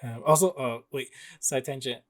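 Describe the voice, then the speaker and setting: A man's voice: mid-range voice, moderate pace. A young man chatting casually about a video game as a podcast co-host, rambling with lots of fillers and frequent laughs.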